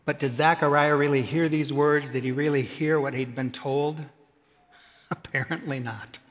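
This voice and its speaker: Guy preaching w jokes between bible verses, bit high voice, long echo like a big hall. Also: steady tone, unhurried. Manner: humorous asides between scripture readings. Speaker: pastor. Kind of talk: sermon.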